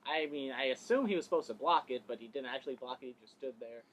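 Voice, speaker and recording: Fast-talking opinionated man. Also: medium pitch, a bit bright, rough recording. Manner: rapid, opinionated, piles on clauses. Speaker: podcast co-host. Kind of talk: casual wrestling chat.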